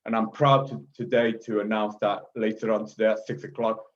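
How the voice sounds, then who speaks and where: A man's voice: lowish voice, flat delivery, a little fast. A man of Chinese origin giving an emphatic lecture, repeating himself and checking in with frequent asides. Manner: forceful, repetitive, frequent "okay?" asides. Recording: dull lo-fi audio.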